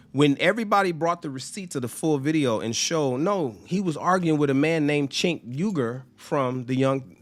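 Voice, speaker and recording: A man giving a blunt opinion monologue to camera, emphatic and profane, acting out the people he quotes. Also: a little high. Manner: blunt, emphatic, swears freely; acts out quoted people in mocking voices. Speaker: social commentator.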